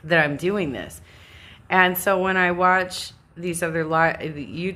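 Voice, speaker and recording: Slow, low-voiced rambling woman streamer. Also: a bit bright. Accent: Californian. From Southern California. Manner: rambling, self-interrupting, laughs often. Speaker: live streamer. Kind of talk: casual monologue.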